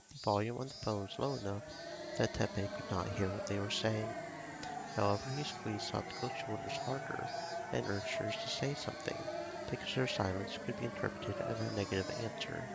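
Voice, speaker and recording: A man streaming himself reading a visual novel aloud in steady narration. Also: on the low side, normal speed, vocal fry. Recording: game music behind.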